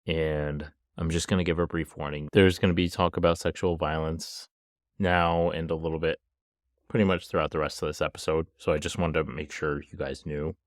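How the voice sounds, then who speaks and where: A man's voice: a bass voice, flat delivery, normal speed, dry recording, studio quality. A man hosting a podcast, retelling a true crime story casually with frequent "like" and small laughs. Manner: casual, laughs between lines, lots of "like". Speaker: podcast host.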